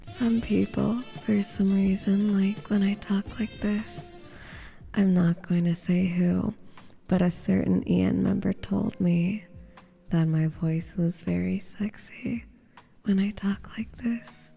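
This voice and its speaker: A woman doing a sultry breathy whisper. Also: mid-range voice, fairly even intonation, slow pace, mellow, faint music behind, voice pushed down. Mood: sultry teasing. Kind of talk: whispered role-play.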